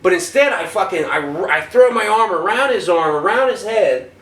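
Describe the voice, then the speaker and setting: A high, bright-voiced man spins profane stories, his pitch leaping up whenever he acts out what other people said. He sounds a little distant from the mic in a roomy space, with faint ambience behind him. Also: animated, moderate pace. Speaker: podcast guest, former prisoner. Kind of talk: casual storytelling.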